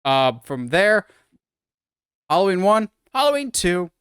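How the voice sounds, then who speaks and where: A man's voice: high-pitched, very animated, unhurried, a bit bright, clear, resonant tone, dry recording, clean studio sound. A man co-hosting a podcast, rambling through an opinionated film breakdown in casual chat. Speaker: podcast co-host.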